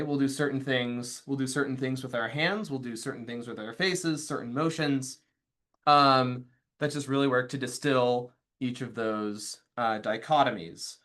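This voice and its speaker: A man, a music teacher, explaining a teaching method in casual talk, pausing often with fillers. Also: mid-range voice, fairly even intonation, fairly bright tone. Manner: thoughtful, filler-laden explaining.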